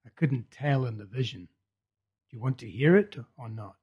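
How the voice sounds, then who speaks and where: A man reading the part of a feverish young man urgently telling a vision, in a husky voice. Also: mid-range voice, animated, moderate pace, highs cut off. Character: feverish young male prophet, intense and urgent.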